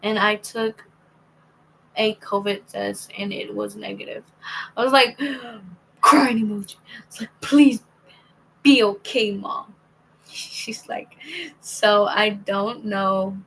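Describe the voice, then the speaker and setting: Slow-talking young woman with a gravelly voice. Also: mid-range voice, steady tone, a bit bright, slight background noise, rough recording. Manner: rambling, reads out texts, many restarts. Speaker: vlogger. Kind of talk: casual storytelling to viewers.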